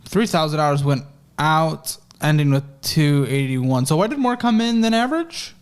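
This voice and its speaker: A man's voice: on the high side, expressive, smooth. A man hosting a chat show, going over a guest's bank statements in a blunt, teasing way. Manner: blunt, teasing, quick with numbers. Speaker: host reviewing a guest's finances.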